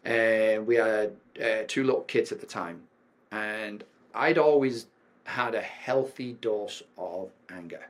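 A man's voice: on the low side, slow pace. A middle-aged man with an English accent, a podcast guest telling a personal story frankly, with frequent ums and restarts. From England. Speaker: podcast guest, performance coach.

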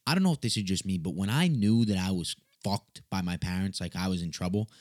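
A young man telling a funny story in a casual, animated way, swearing and mocking himself. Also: low voice, quick pace, dry recording, clean studio sound.

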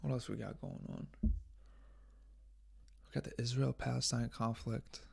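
A young man hosting a casual solo podcast, rambling and swearing with jokes, often coughing and clearing his throat into a close microphone. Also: mid-range voice, steady tone, measured pace, no echo. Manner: rambling, profane, jokey, drifts between loud bits and mumbling. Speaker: podcast host. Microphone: studio microphone up close.

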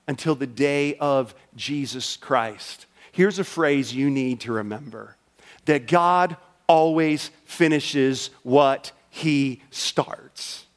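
A man preaching a sermon as pastor, swinging from loud, emphatic lines to a hushed, low delivery and acting out a listener's thoughts. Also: in a large hall. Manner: acts out a listener's thoughts in quoted asides.

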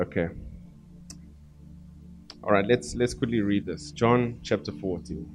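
A man with a South African accent preaching a sermon as pastor, swinging between loud emphatic lines and quiet asides. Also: on the low side, a little slow, pauses often, soft background music.

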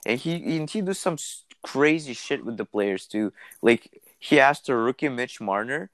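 A man's voice: mid-range voice, expressive, normal speed, fairly bright tone, dry recording. A young man from Canada, co-hosting a podcast and ranting loosely, swearing, with laughs between lines. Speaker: podcast co-host. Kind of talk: casual chat.

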